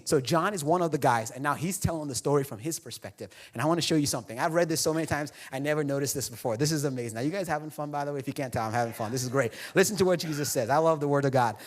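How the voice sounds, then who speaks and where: A young adult man preaching a sermon as pastor in a church, playful and jokey, acting out other people's voices. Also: on the high side. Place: church sanctuary.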